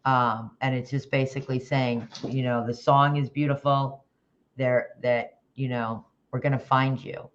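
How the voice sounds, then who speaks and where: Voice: mid-range voice, level tone, a little slow, muffled recording. A livestream host chatting casually about a case, rambling with restarts and greeting viewers in the chat by name.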